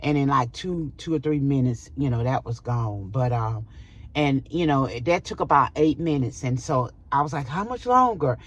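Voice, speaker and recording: A middle-aged woman vlogger telling a personal story in an animated way, with dramatic exclamations. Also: extremely low pitch, normal speed, lo-fi sound.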